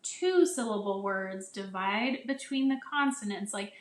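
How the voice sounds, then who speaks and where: A woman teacher walks other teachers through a phonics lesson in a casual, chatty way. She often restarts her sentences and sounds out vowel sounds as she would for young children. Her voice sits at a middle pitch and carries a noticeable echo from the room. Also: a little slow, slight background noise. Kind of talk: casual instructional explanation. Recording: echoey room.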